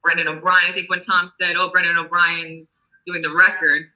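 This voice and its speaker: Hesitant bright-voiced woman. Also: fairly low pitch, flat delivery, moderate pace, rough recording. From United States. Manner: hesitant, heavy use of "like". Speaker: singer guest. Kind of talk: casual interview.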